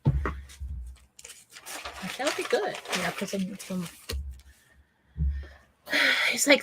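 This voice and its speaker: A woman hosting a radio show tells a personal story in a casual, chatty way. Her voice is bright and her pitch moves a lot. She laughs often and fills her pauses with "um". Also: husky. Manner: animated, laughing often, many fillers.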